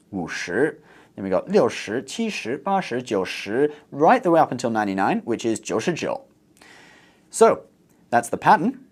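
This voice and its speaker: Male lesson host, animated pitch, teacherly, slows to model words. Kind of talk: scripted teaching presentation.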